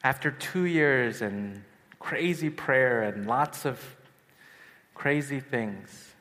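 A man in his thirties preaching a sermon at a youth retreat, telling a personal story with swings from hushed to excited. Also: medium pitch, takes it slowly. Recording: long hall reverb.

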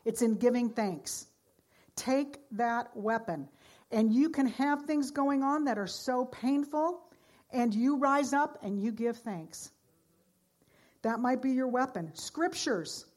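A woman pastor preaching a sermon, earnest, moving between loud exhortation and hushed storytelling. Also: on the high side, slow.

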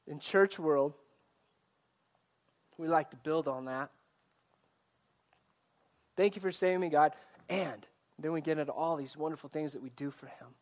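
A male pastor delivers a sermon with an earnest, searching manner. He speaks in a voice a little higher than most men's and keeps putting direct questions to the people listening. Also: unhurried, pauses often. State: choked up, coughing.

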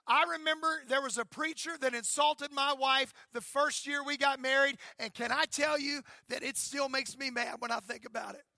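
A male pastor in his fifties delivers a fervent sermon in a church, shouting and calling out to the congregation. His voice sits very high and rings with a sharp, piercing brightness. The sound is dry and close, with little room reflection. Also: dry recording. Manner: fervent, shouting, call-and-response preaching. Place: church sanctuary.

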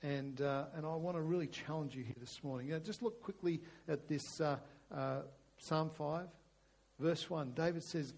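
A middle-aged man preaching a conversational sermon, restarting phrases often and sometimes dropping to a hushed, prayerful tone. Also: a little high, moderate pace, vocal fry. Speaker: pastor.

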